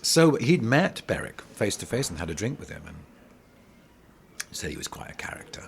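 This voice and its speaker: A middle-aged man with a very low, gravelly voice tells rambling stage stories, restarting often as he goes. He sounds lively and conversational, as in an interview. A faint hiss sits under the recording. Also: moderate pace. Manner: animated, rambling anecdotes with many restarts. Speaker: pantomime actor, interview guest. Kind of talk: casual interview storytelling.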